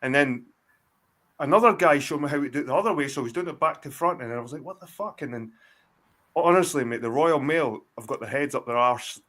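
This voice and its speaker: A Scottish man in his forties talks in a middle-pitched voice, swearing freely as he winds through a long, loose story. He trips over himself and restarts often. He sounds like he is on a video call. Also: fairly quick, fairly bright tone. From Scotland. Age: 40s. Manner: rambling, profane storytelling with many restarts. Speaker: guest. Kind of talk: casual chat.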